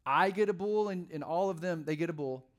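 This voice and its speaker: A man's voice: fairly high pitch, fairly quick, lightly acted. A man voicing a brash male prophet in a casual, trash-talking way during a sermon. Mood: cocky. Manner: breezy modern trash-talk. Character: brash, cocky male prophet issuing a challenge.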